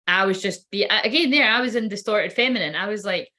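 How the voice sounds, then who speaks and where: A woman's voice: mid-range voice, fast talker, bright, forceful tone. A woman telling a personal story in a casual, rambling way, swearing freely and laughing often. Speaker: spiritual reader.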